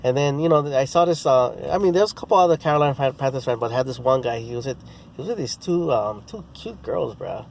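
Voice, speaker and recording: A man's voice: medium pitch, lively intonation, fast talker, creaky, darkish tone, slight background noise. A man telling a rambling story in casual vlog style, with many restarts and fillers. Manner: rambling, full of restarts and "you know, bro". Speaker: sports vlogger.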